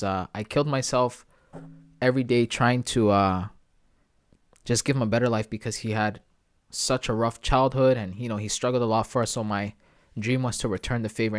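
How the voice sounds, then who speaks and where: A young man hosting a trading livestream, choked up and tearful as he talks openly to his chat. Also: mid-range voice. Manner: emotional, reads chat aloud, heartfelt.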